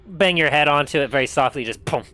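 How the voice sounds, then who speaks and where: A man narrating as game master of a tabletop role-playing game, setting scenes in an unhurried, descriptive way. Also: fairly high pitch, sharp tone.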